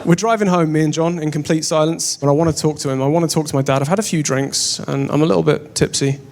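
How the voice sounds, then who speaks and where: A young Englishman performs stand-up on stage before a live audience, spinning a wry, self-deprecating story. His voice is slightly high and a little mellow, steady in tone, and he talks fast.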